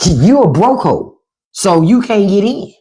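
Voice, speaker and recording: A woman's voice: medium pitch, sing-song, slow, warm tone. Blunt crude Jesus, as a woman puts him on. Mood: dismissive. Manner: crude, matter-of-fact. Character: blunt dismissive male Jesus.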